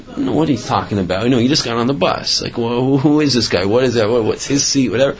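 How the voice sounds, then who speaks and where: A religious speaker gives a storytelling talk, rambling with many restarts and filler phrases. He talks fast in a medium-pitched voice, and the recording sounds muffled.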